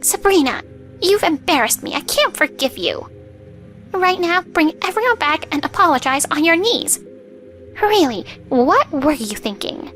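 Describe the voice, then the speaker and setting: A shrill, indignant older mother-in-law, high-voiced and quick to bluster, put on by a woman reading the story. Her voice sits high and climbs when she is upset. Faint music plays underneath. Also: big pitch swings, a bit bright, heavily acted. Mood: furious.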